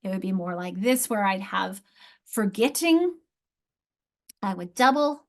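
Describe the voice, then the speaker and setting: A woman instructor teaching other teachers, thinking aloud and sounding out words slowly, repeating each one. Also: mid-range voice, gravelly, fairly bright tone. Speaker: literacy instructor.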